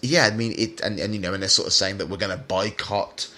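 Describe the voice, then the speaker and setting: Bright-voiced man rambling on a podcast. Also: lowish voice, fairly even intonation, quick pace. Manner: rambling, many fillers and restarts; sarcastic when mocking critics. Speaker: podcast host. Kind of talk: solo podcast commentary.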